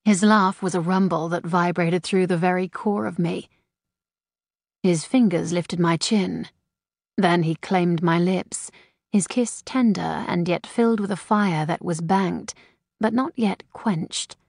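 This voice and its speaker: A woman narrating a first-person romance audiobook in an unhurried, sensual reading. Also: lowish voice, vocal fry, a little mellow, no room sound, clean studio sound.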